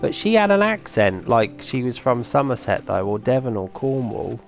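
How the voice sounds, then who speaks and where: A man's voice: medium pitch, sing-song, normal speed, creaky, soft background music. A man streaming a farming game, chatting casually and answering his viewers' comments as he plays. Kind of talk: casual live-stream chat.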